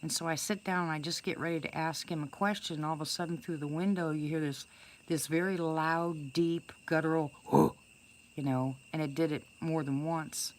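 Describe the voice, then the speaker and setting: An older woman with a low voice tells a long first-person story in a chatty, rambling way, full of restarts and fillers. She speaks to viewers as if chatting with them. Faint crickets and insects chirp in the background. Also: steady tone, normal speed, a little hiss or hum. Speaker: storyteller greeting live viewers.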